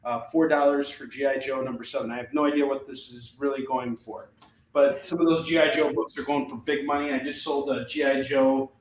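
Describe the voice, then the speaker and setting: A man's voice: mid-range voice, steady tone, fairly quick, roomy sound, recorded from a distance, a little hiss or hum, low-quality recording. A man with a Chicago accent hosting a casual live sale of comic books, with rambling, upbeat salesman patter. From Chicago, US Midwest. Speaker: host selling comic books. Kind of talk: casual live-selling chat.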